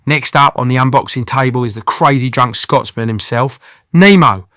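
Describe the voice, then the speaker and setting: Male host, cheeky slangy voice-over, mid pitch, dry close sound. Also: normal speed, fairly bright tone, no echo. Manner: cheeky banter with British slang. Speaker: channel host. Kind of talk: scripted comic voice-over narration.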